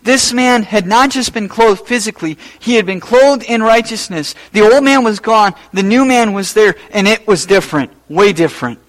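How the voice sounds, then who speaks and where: A man preaching a sermon as pastor, rising to loud emphatic peaks and then dropping low and quiet. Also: expressive, normal speed, few pauses, low-quality recording.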